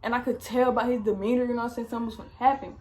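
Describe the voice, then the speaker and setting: A woman's voice: on the high side, fairly even intonation, very fast, darkish tone, a little hiss or hum. A young woman vlogger telling a storytime, chatty and slangy, swearing often. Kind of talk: casual storytime.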